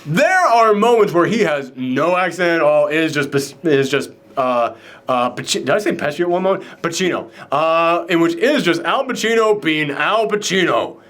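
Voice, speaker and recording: A man's voice: on the high side, lively intonation, normal speed, fairly bright tone. A man hosting a casual movie reaction chat, enthusiastic and rambling, with lots of fillers and restarts. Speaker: film review show host.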